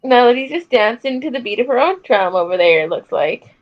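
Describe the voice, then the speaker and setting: A woman's voice: a little high, expressive, a little fast, lo-fi sound. A woman chatting on an online panel, wry and casually swearing.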